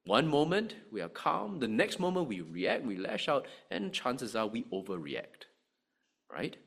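A man preaching a sermon, animated, with frequent rhetorical asides to the congregation. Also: mid-range voice, a little slow, vocal fry, husky. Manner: animated, rhetorical "right?" asides, acts out angry voices.

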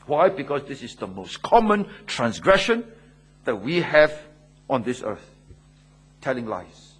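A man's voice: medium pitch, big pitch swings, measured pace, a bit bright, slightly rough. A male pastor, preaching emphatically and posing rhetorical questions with repeated phrases. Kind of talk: sermon.

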